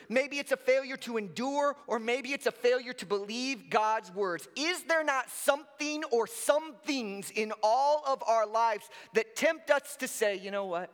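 High-voiced preacher in a reverberant hall. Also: male voice, a little slow, hardly any pauses, a bit bright. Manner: conversational, asks the congregation questions. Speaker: pastor. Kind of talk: sermon.

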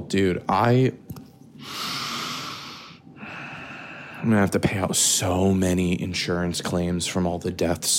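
A man's voice: low voice, slight background noise. An American young man hosting a podcast, rambling and joking with lots of swearing while snacking in his kitchen at night, recorded on a phone. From United States. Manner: profane, jokey, talks quietly with sudden loud bursts. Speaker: podcast host.

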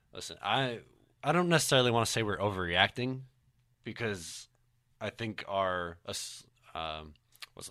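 A man co-hosting a casual sports podcast, talking in a measured, analytical way. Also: lowish voice, bright, forceful tone, no echo, clean studio sound. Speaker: podcast co-host.

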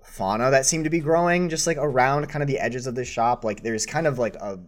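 A man's voice: mid-range voice, brisk. A man running a tabletop game as game master, describing scenes in a casual, rambling way with many fillers.

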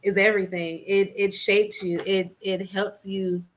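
A woman from Atlanta talking as a fitness-trainer guest in a casual podcast interview, lively and quick to laugh. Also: medium pitch. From Atlanta, Georgia, US. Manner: animated, acts out quoted voices, laughs easily.

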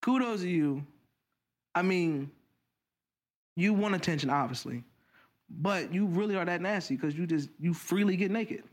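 A man's voice: high-pitched, normal speed, pauses often. A man co-hosting a podcast, ranting bluntly and profanely in casual chat. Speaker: podcast co-host.

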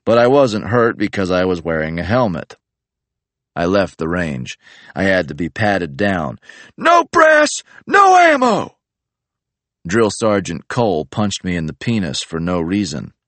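A man narrating an audiobook in a deadpan, matter-of-fact way. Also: low voice, normal speed, no echo.

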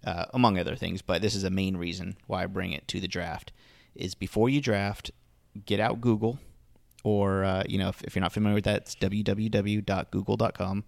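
Gravelly low-voiced male podcast co-host. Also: steady tone, brisk, darkish tone, dry recording, clean studio sound. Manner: rambling, filler-heavy delivery. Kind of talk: casual chat.

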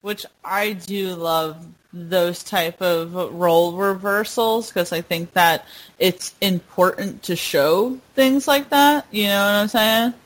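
This co-host speaks slowly and easily at a middle pitch. They laugh often and agree along with the conversation, keeping the tone relaxed and unhurried. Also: rough recording. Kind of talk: casual chat.

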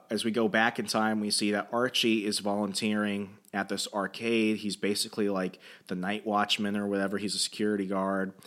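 A man's voice: lowish voice, fairly bright tone. A man podcaster casually recapping a comic, rambling and jokey, humming filler.

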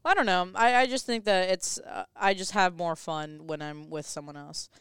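A teenage girl co-hosting a casual podcast from a classroom, laid-back and quick to laugh. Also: on the low side, steady tone, a bit bright, clean tone, no room sound, clean studio sound. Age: teens. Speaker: podcast co-host. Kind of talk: casual chat.

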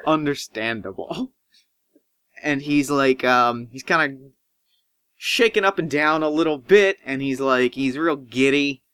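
A man's voice: mid-range voice, a little slow, a bit bright, clear, resonant tone, no echo. A man narrating as game master in a tabletop role-playing game, casual and rambling with fillers.

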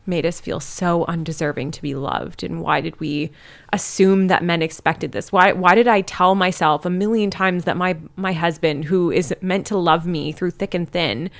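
A woman's voice: fairly low pitch, normal speed, gravelly. A young adult woman talking as a podcast guest, telling heartfelt stories in an emphatic, casual way full of "like". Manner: emphatic, heartfelt storytelling with lots of "like". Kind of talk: casual chat.

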